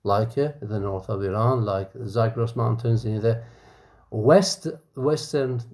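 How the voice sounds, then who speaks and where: Slow-talking male lecturer. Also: lowish voice, a little mellow. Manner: explains with many checks of "okay?" and fillers. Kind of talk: university lecture.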